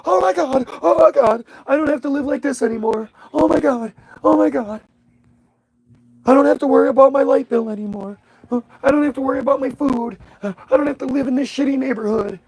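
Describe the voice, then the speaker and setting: A man's voice: extremely high pitch, a little fast, darkish tone, no echo, pitched above the performer's own voice, low-quality recording. A man voicing an overjoyed young male rapper who gushes breathlessly about his big break. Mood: ecstatic. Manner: breathless, ecstatic gushing.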